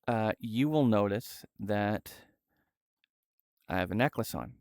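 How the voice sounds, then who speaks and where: A young man streaming live, speaking in a halting, soft-spoken way with many fillers. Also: fairly low pitch, lively intonation, no room sound, clean studio sound. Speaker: livestreamer. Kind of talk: casual livestream chat. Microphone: VR headset setup.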